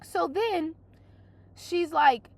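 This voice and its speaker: A young woman venting through a casual storytelling rant, exasperated and swearing a lot, her voice hoarse from crying. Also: very high-pitched, very slow, no room sound. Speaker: vlogger.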